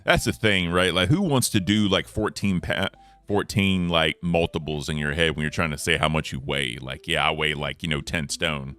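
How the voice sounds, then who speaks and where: A young man co-hosting a casual podcast chat, laid-back and rambling, often trailing off quietly. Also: extremely low pitch, moderate pace, smooth. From United States. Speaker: co-host.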